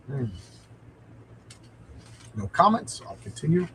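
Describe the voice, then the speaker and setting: A man's voice: mid-range voice, lively intonation, normal speed, a little hiss or hum, rough recording. A man hosting a live stream, reading a comic aloud with enthusiasm and answering viewer comments.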